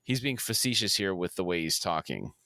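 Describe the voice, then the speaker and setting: A man co-hosting a podcast, recounting a TV episode scene by scene in a steady, plain way. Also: sits low, fairly quick, no room sound, studio quality. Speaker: podcast co-host.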